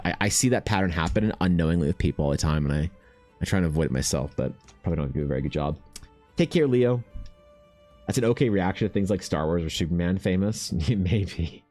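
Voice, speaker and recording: A young man chatting casually on his art stream, rambling and swearing freely, often mimicking other people in quick high voices. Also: darkish tone. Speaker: artist streaming while painting.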